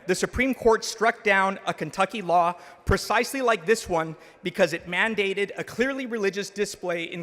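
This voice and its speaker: A man, a state legislator, giving a measured, earnest floor speech with occasional small restarts in a large legislative chamber. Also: sits high, a bit bright. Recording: long reverb of a large hall.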